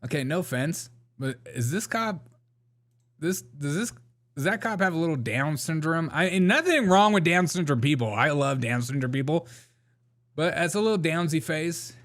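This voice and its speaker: A man's voice: fairly high pitch, expressive, normal speed, fairly bright tone. A man hosting a show, chatting casually and mockingly as he reacts to video clips, laughing often. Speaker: show host.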